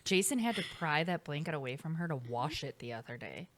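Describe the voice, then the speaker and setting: A woman with a somewhat low voice co-hosts a casual podcast chat in a home basement studio. She talks in a chatty way and acts out what people said as she tells her stories. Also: lively intonation, a little fast. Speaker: podcast co-host.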